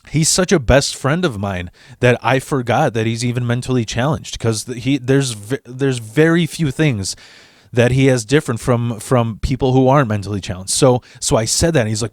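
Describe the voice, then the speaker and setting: A man's voice: mid-range voice, moderate pace, dry recording, studio quality. A man hosting his channel, telling a long comic story in a rambling way with constant swearing. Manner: profane, rambling, restarts. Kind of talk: comedic storytelling vlog.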